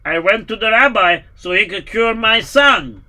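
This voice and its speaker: A man playing a timid father, talking haltingly with many pauses and uh's, in a live told story. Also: high voice, animated, bright, forceful tone, full character voice. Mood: hesitant. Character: timid father seeking help for his son. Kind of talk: live storytelling role-play.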